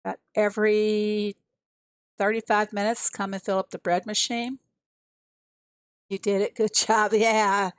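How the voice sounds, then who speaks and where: A woman live-streaming a farming game, chatting with her viewers and reading their comments aloud. Her voice sits at an ordinary middle pitch. The sound is dry and close, with no room around it. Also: level tone, a little slow, pauses often, dry recording. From USA. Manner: chatty, talks to herself and reads chat aloud.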